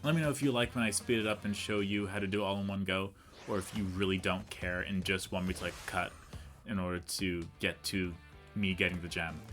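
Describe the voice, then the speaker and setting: A young man with a lowish voice chats his way through a playthrough, wandering off into stories and poking fun at himself. Soft game music plays faintly underneath. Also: steady tone, brisk. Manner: rambling storyteller, chatty and self-mocking, talks to the game. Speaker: let's play commentator. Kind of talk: casual gameplay commentary.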